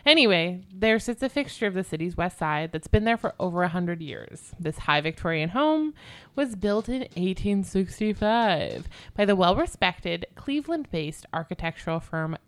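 A woman's voice: on the low side, expressive, moderate pace. A woman co-hosting a podcast, telling a ghost story in loose, chatty talk with swearing and giggly asides.

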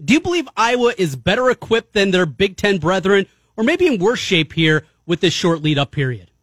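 A man's voice: high-pitched, big pitch swings, normal speed, a bit bright, dry recording. A man hosting a sports radio show, joking with his guests in the studio. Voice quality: nasal. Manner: upbeat, joking banter with guests.

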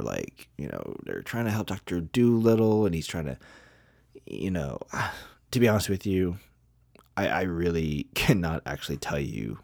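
A very deep-voiced man hosts a podcast and runs through his movie rankings. He talks in a blunt, rambling, profane way, full of "like" and "you know". His voice sounds dry and close. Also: creaky, a little mellow, dry recording. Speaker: podcast host. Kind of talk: casual movie review ranking.

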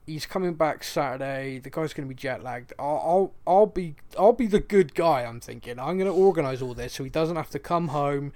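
A man from Bristol, England, with a Bristolian accent co-hosts a podcast, his voice on the high side and brisk with hardly any pauses. In casual chat he tells a story animatedly and laughs often.

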